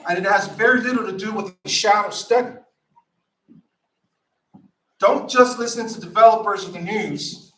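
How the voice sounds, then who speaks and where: A man from San Francisco, his voice high for a man, reads a prepared public comment in a firm, formal and insistent way. He sounds distant in an echoey meeting hall. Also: fairly bright tone. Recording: echoey meeting room from far off.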